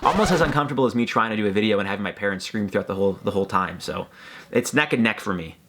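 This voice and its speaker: A man's voice: fairly low pitch, rapid-fire, background noise. A man hosting a reaction video, talking in a rambling, hesitant, joking way. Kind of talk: casual commentary.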